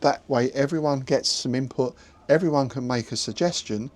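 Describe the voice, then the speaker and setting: A man hosting a podcast, giving relaxed, conversational advice to game masters, chuckling often and restarting words as he goes. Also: mid-range voice, normal speed.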